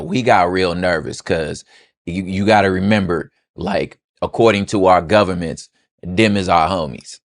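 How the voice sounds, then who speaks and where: A man's voice: sits low, no echo, studio quality. A young man hosting a podcast, giving loose, slangy, joking political commentary. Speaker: podcast host.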